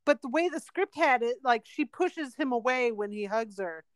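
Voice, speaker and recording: A woman's voice: fairly high pitch, expressive, normal speed, no echo. A young woman co-hosting a podcast, chatting casually with blunt, sarcastic remarks and casual swearing. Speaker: podcast co-host. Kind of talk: casual chat.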